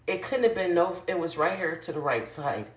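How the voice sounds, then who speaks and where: In an echoey room, an adult vlogger recounts a paranormal experience of their own to camera, casual and confiding, frequently talking straight to viewers and now and then dropping to a hushed murmur. The voice is mid-range, animated and brisk.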